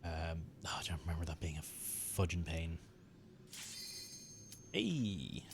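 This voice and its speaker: A man with a gravelly bass voice streams a game, chatting casually in a slow, sing-song way with background noise behind him. He rambles and chuckles, restarts his sentences, and swears mildly.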